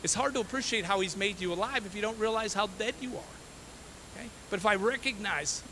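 A man's voice: sits high, fairly quick, pushed and bright, slight background noise, poor audio. A man preaching a sermon as pastor, emphatic, repeating his phrases and checking in with "okay?" and "right?".

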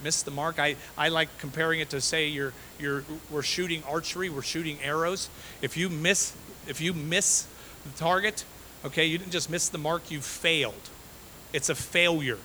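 A man's voice: fairly high pitch, bright, forceful tone, slight background noise, rough recording. Emphatic male pastor preaching. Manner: emphatic, repeats phrases, frequent "okay?" and "right?". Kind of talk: sermon.

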